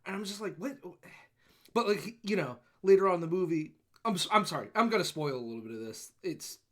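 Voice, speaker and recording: Podcast co-host, man, raised voice, lively ranting movie recap with swearing. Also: high voice, fairly quick. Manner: animated ranting, swears, acts out characters in quotes. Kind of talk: casual movie review chat.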